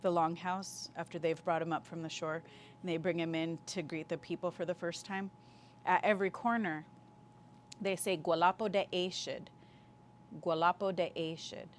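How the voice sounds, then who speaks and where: A woman teaching a language class, speaking patiently and repeating words slowly for learners, with easy laughs. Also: lowish voice, steady tone, slight background noise. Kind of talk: online language lesson.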